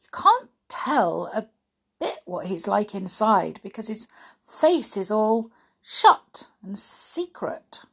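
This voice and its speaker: A woman's voice: medium pitch, sing-song, slow, husky, heavily acted. A woman voicing a wary, observant young girl, speaking carefully.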